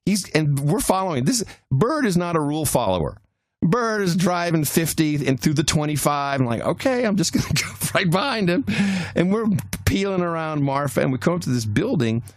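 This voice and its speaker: On a podcast, a male co-host rambles through a lengthy travel anecdote in a slightly high voice with big pitch swings, going a little fast. He keeps restarting and filling gaps with fillers, and the studio-quality audio has no echo.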